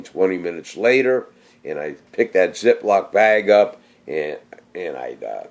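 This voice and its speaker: Middle-aged male vlogger, low-pitched, slightly slurred, hesitant, casual chat. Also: darkish tone. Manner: rambling, hesitant, many fillers. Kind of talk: casual cooking chat and viewer shout-outs.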